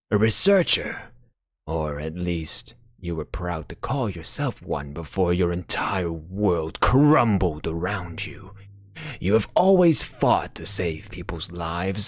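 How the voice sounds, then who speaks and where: Deep-voiced guy reading game story slow and brooding, lets play narration. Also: breathy edge. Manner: measured, brooding delivery.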